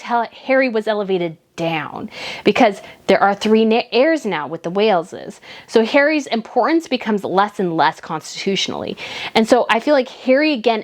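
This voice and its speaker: A woman giving casual, opinionated commentary on royal news, full of "I feel like" fillers. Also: fairly high pitch. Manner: opinionated, acts out mocking quotes in a whiny voice.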